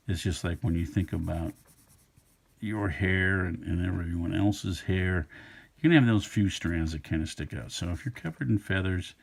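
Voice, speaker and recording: A middle-aged man, an art instructor, talks in an easygoing, musing way, thinking aloud as he sketches in a relaxed drawing tutorial. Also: low voice, creaky, slightly rough.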